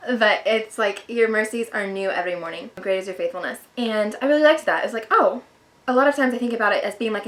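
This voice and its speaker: A woman's voice: mid-range voice, a bit bright. A young woman vlogger talking earnestly and casually about her faith, chatty and self-deprecating, with lots of filler words. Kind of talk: casual devotional talk to camera.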